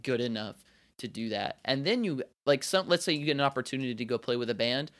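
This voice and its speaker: A man's voice: medium pitch, animated, quick pace, fairly bright tone. A young man from North Carolina, co-hosting a casual podcast chat, rambling and laughing often.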